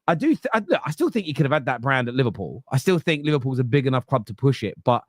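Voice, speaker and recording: A man's voice: medium pitch, very animated, racing, dry recording, studio quality. A man in his thirties from England, hosting a casual football podcast, swearing freely and acting out quotes. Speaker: podcast host.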